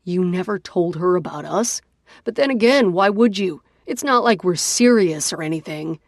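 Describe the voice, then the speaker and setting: A woman's voice: fairly low pitch, expressive, normal speed, no room sound, studio quality. A woman voicing a hurt, angry young man who speaks sharply and emphatically in an audiobook. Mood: sarcastic. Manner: sharp, emphatic, listing points.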